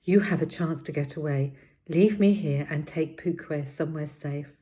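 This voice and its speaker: A woman's voice: low voice, normal speed, warm tone, husky. A woman voicing a wounded young boy rabbit. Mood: resigned. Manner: pleading and strained.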